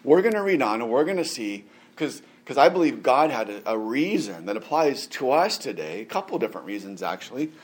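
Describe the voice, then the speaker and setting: A man's voice: mid-range voice, sing-song, brisk, slightly rough. A man as a pastor, giving a conversational sermon full of chatty asides, rhetorical questions and small laughs.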